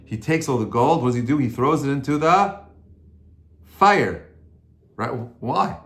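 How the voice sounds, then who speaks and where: Animated rabbi in an echoey room. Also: male voice, medium pitch, unhurried. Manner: animated, conversational, rising to emphatic peaks. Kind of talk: informal Torah class.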